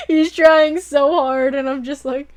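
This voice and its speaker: High-pitched giggly young woman streamer. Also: slow. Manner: rambling, giggly, excitable fangirling. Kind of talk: casual late-night chat stream.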